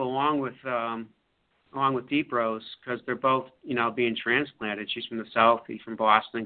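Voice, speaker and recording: A man, an author, talking about his book in a halting way with many fillers. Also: medium pitch. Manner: halting, full of fillers and restarts. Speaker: author being interviewed. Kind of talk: casual radio interview. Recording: phone-like line.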